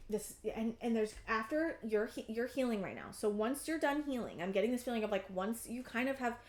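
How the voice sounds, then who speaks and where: A woman in her thirties giving a pick-a-card tarot reading, effusive and excitable, often restarting her sentences. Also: on the high side, roomy sound. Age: 30s. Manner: excitable and effusive, lots of restarts and "I'm getting". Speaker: tarot reader.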